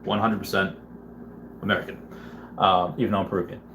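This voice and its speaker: A low, somewhat bright male voice speaks a little fast in a level tone, with a little hiss or hum in a roomy, echoing space. He's chatting casually on a livestream, reading out viewer comments and rambling through many fillers and restarts.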